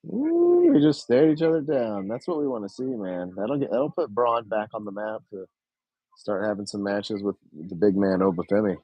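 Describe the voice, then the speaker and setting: Excitable man reacting live, dark husky voice. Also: lowish voice, dry recording, low-quality recording. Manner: excitable, frequent drawn-out oohs, casual swearing. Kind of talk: casual live reaction commentary.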